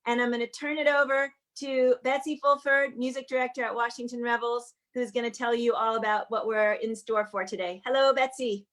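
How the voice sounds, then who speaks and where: Woman, host, high voice, flat even delivery, friendly greetings by name, video call mic. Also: fairly quick, few pauses. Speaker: host of an online sing-along. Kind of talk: casual welcoming livestream greetings.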